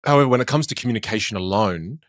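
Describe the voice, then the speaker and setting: A man's voice: lowish voice, rapid-fire, dry recording, clean studio sound. A man who works as a communication coach, talking in a podcast conversation and animatedly acting out the voices he quotes.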